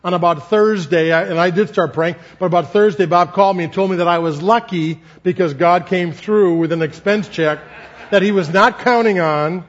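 High-voiced earnest male preacher. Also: normal speed, highs cut off. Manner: storytelling, acting out dialogue, earnest. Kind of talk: sermon teaching with a personal story.

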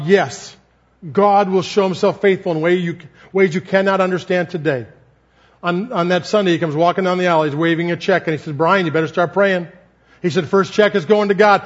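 Male preacher, high-pitched, earnest storyteller, slightly muffled recording. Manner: storytelling, acting out dialogue, earnest. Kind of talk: sermon teaching with a personal story.

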